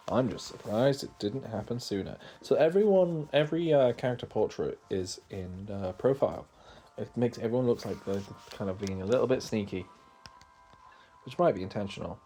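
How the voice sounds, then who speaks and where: A man's voice: fairly low pitch, moderate pace, soft background music. A man casually commenting while he plays through an old video game and reads its dialogue aloud. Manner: relaxed, rambling asides. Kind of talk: casual let's-play commentary.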